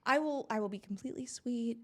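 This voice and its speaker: A young woman from Florida, a reality TV contestant appearing as a podcast guest, tells stories in casual chat with a fast, fairly high voice. She's animated, acts out quoted dialogue, and laughs often.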